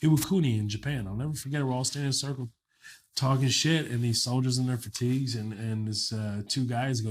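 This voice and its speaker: A male stand-up comedian from Kuwait, chatting as a guest on a casual interview show. He tells lively stories, swears freely, and slips into quick impressions. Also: medium pitch.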